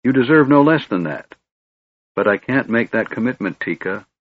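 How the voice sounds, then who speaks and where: A man voicing a big, devoted young male warrior who talks earnestly and pleadingly, in a husky voice. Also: medium pitch, animated, moderate pace, no room sound, narrow, tinny audio.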